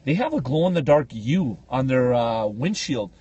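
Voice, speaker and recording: Comedic podcast co-host, male, husky and high-voiced, very lively delivery, dry close sound. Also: moderate pace, no room sound, dull audio. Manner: animated, jumps into high squealing voices for quoted people. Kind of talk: comedic storytelling chat.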